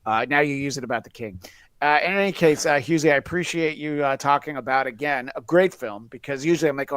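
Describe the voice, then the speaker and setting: A man's voice: medium pitch, a bit bright, dry recording. A man hosts a podcast in easy, rambling chat, slipping sarcastic jokes into his asides. His voice sits in an ordinary middle range. It is recorded close and dry, with no room sound. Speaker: podcast host. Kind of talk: casual chat.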